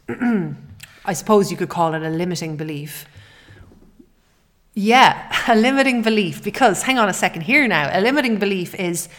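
A woman's voice: medium pitch, fairly bright tone. A middle-aged woman hosting a podcast, talking in an earnest, heartfelt way with frequent restarts. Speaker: podcast host. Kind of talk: personal podcast monologue.

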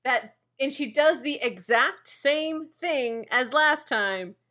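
A woman co-hosting a casual recap chat, relaxed and thoughtful, laughing along. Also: high-pitched, slow. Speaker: podcast co-host.

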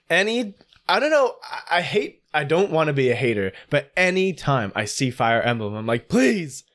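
A man co-hosting a casual gaming podcast, talking in an excitable, emphatic way. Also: mid-range voice. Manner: excitable, emphatic, quick to gush about games. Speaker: podcast co-host. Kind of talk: casual chat.

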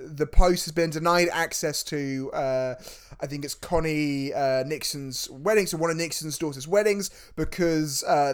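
A man co-hosting a film podcast in casual chat, rambling and excitable, with many restarts. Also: on the high side. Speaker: podcast co-host.

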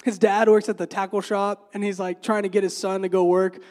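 A male preacher with a high, darkish voice moves at a fairly quick pace with little pitch movement. His sermon is casual and conversational, full of fillers and repetition, with frequent rhetorical questions aimed at his listeners.

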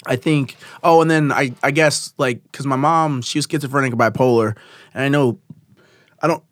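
A man talks in a loose, rambling way, circling back with fillers and quick laughs. His voice sits in an ordinary middle pitch. The sound is dry and close, with no room around it. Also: steady tone, fairly bright tone, no room sound. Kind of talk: casual podcast chat.

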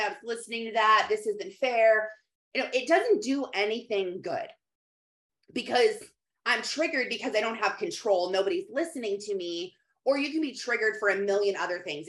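A woman's voice: mid-range voice, fairly bright tone. A woman and mother who leads a church moms' group, talking candidly and practically about faith and parenting. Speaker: mom group leader. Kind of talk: casual faith talk to camera. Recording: echoey room.

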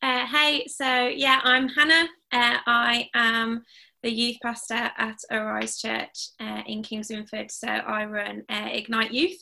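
A woman youth pastor chatting on a podcast, a little hesitant and quick to laugh. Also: on the high side, flat delivery, creaky, sharp tone. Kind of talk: casual podcast chat.

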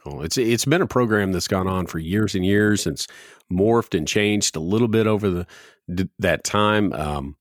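A man's voice: on the low side, normal speed, no echo, studio quality. A man hosting a casual podcast, easygoing as he leads the discussion. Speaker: podcast host.

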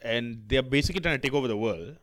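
A man co-hosting a podcast, telling a story in animated casual banter and acting out scenes, often stumbling over restarts. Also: medium pitch, fast talker. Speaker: podcast co-host.

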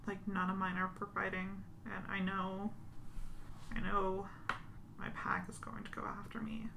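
Gravelly halting woman player. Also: medium pitch, a bit bright. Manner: halting, nervous. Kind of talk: in-character tabletop play. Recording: noisy background.

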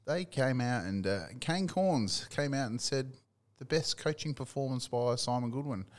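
A man's voice: medium pitch, lively intonation, moderate pace. A middle-aged Australian man in casual sports chat, laid-back, swearing freely and laughing often. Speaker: podcast co-host.

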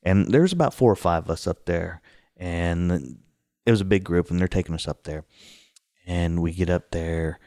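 Male storyteller, low pitch, dry close sound, casual and animated. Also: dry recording. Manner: animated, acts out the scares with sudden high outbursts. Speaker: guest telling a story.

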